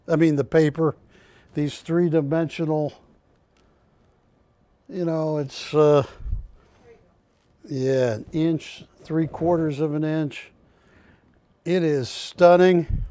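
Slow, dry-voiced man selling on live TV. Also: on the high side, dark tone, no room sound. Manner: rambling anecdotal storytelling, self-correcting. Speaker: shopping channel host. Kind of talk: live TV sales presentation. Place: TV studio.

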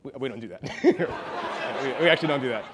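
A man's voice: medium pitch, lively intonation, fairly quick, background noise. A man giving an informal award acceptance speech, telling a story full of fillers and repeated words. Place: event hall.

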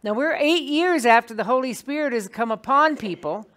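A woman teaching an evening Bible class to a small group in a meeting room, talking in a lively, conversational way and putting questions to the class. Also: sits high, moderate pace.

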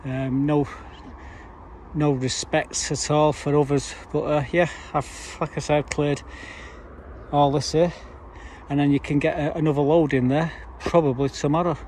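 A man's voice: fairly high pitch, flat delivery, unhurried, a little mellow. Chatty man at his allotment. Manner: chatty, rambling, dry grumbling asides. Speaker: allotment vlogger. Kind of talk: casual chat to camera. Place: outdoor allotment garden. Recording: faint background noise outdoors. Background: faint outdoor ambience.

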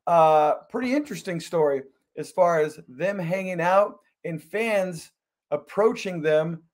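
A man's voice: high-pitched, animated, measured pace, darkish tone. A man hosting a wrestling podcast, talking in a theatrical, hyped-up way and chatting with his producer. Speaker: podcast host. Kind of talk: energetic show hosting.

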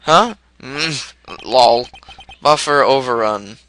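A man's voice: medium pitch, takes it slowly, fairly bright tone, slight background noise. A man voicing a smug, nerdy male TV show creator who speaks in internet slang, in a video game playthrough. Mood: excited.

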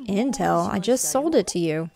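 A woman voicing a scornful, gruff male capybara trader from a game, reading his lines aloud. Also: medium pitch, animated, moderate pace, a little mellow, soft background music. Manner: dismissive and scornful.

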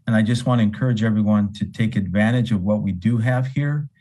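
A man from veterans services speaks in a calm, measured way. His voice is low and mellow, and he talks plainly.

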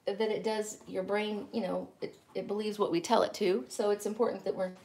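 A woman's voice: mid-range voice, steady tone, a little fast, creaky, mellow. A middle-aged woman, chatting casually and rambling to live-stream viewers while teaching painting.

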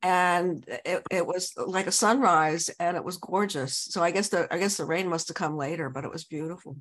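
A woman chatting as a panelist, halting with many hesitations. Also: lowish voice, fairly bright tone. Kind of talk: casual chat.

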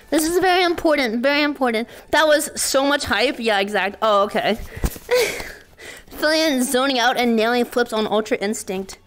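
A woman's voice: on the high side, moderate pace, fairly bright tone, faint music behind. A woman streamer chatting with her chat in a playful, over-the-top way, hyping herself up and joking around. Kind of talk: hyped livestream chat.

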